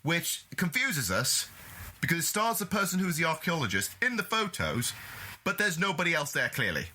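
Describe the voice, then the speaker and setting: A man hosting a podcast, reviewing a movie in casual chat, ranting with animated swearing and mocking impressions. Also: on the high side, moderate pace, a little hiss or hum. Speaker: podcast host.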